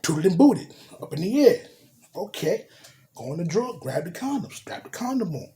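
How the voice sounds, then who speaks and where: A man's voice: high voice, big pitch swings, normal speed, warm tone. Slangy man telling a crude story. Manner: crude slangy, with spoken sound effects. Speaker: storyteller vlogger. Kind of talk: casual storytime.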